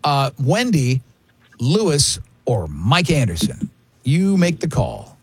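A man hosting a radio show, running a trivia game with casual, joking banter and quick asides. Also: fairly high pitch, very animated, a little hiss or hum.

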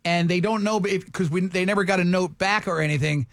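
A man's voice: high voice, a little fast, creaky, a bit bright, no echo, studio quality. A man hosting a radio show, chatting casually with a guest and firing off jokey asides.

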